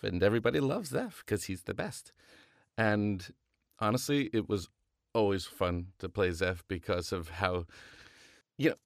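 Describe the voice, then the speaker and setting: A man's voice: fairly low pitch, no room sound, studio quality. A man who serves as announcer and voice actor, recording a casual reflection. He talks in a fond, chatty way.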